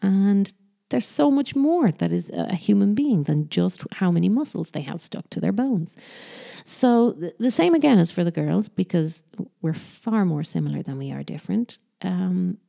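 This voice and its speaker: A woman's voice: on the low side, lively intonation, normal speed, vocal fry, mellow. A woman giving parenting advice in a casual, chatty talk, often correcting herself mid-sentence. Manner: chatty, self-correcting, slips into mock sing-song voices when quoting.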